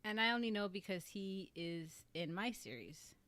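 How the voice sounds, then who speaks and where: A woman hosts a relaxed livestream and chats with her audience. She talks in a gushing, rambling way, stacking "like" between her thoughts and restarting sentences as she goes. Her voice sits in an ordinary middle pitch. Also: moderate pace. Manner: gushing and rambling, heavy use of "like". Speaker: livestream host. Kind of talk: casual livestream chat.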